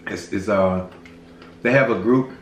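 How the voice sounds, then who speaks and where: Southern guy cracking jokes over food, animated, kinda roomy sound from a mic off to the side, faint hiss. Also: lowish voice, unhurried, recorded from a distance. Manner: animated storyteller, playful, rising to loud bursts. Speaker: co-host of a couple's eating show. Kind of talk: casual chat while eating.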